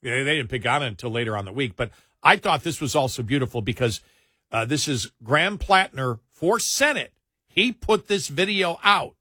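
Husky-voiced male talk show host. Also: medium pitch, expressive, brisk, pushed and bright, no echo, clean studio sound. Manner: rambling, self-correcting, builds up emphatically. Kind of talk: casual political talk show chat.

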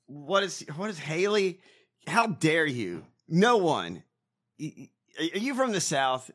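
A man's voice: fairly high pitch, very animated, slow pace, fairly bright tone. A man in casual political podcast chat, mocking and ranting with lots of swearing. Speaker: podcast co-host.

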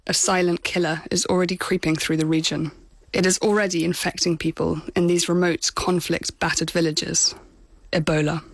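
A woman foreign correspondent narrating a scripted report in a measured, sober storytelling manner. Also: fairly low pitch, dry recording.

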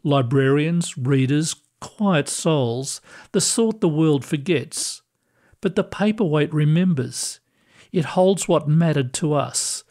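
A man voicing a kindly ghostly librarian who speaks gently and reassuringly, with quiet amusement. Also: on the high side, expressive, slow. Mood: gentle.

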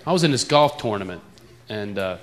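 A man's voice: on the low side, expressive, fairly quick. A man with an East Coast American accent telling a playful, self-mocking stand-up story. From eastern United States. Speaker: stand-up comedian. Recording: live club with loud crowd noise.

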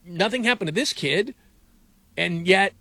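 Animated man, bright dry sports talk. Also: high voice, a little slow, no echo. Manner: animated, incredulous, rambling with restarts.

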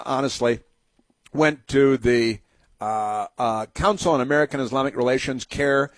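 A man's voice: medium pitch, dry recording. A man hosting a radio talk show, delivering a sarcastic, rambling opinion monologue with many fillers.

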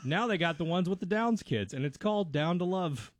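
A blunt, joking man tells stories in a loose podcast chat. His voice sits slightly high and rises and falls a lot. The sound is dry and close. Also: brisk, no room sound. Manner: animated, joking storyteller, blunt. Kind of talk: casual comedic chat.

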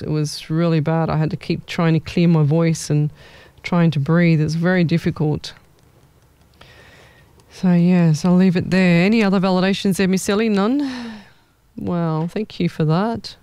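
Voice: mid-range voice, fairly even intonation, normal speed, a little mellow, clear, resonant tone, dry recording. A young adult, hosting a live stream as a psychic medium in a casual, rambling way that thinks aloud.

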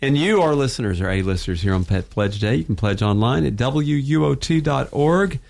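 A middle-aged radio host, telling a self-deprecating story in a rambling, laughing way. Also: male voice, mid-range voice, animated, moderate pace, vocal fry, darkish tone. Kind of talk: storytelling on public radio pledge drive.

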